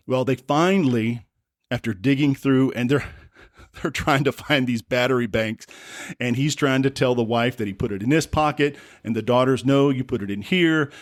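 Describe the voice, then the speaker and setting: A man's voice: mid-range voice, moderate pace, no room sound, clean studio sound. A man from the United States hosting a podcast, telling a travel story in a casual, rambling way with wry asides and self-corrections. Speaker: podcast host.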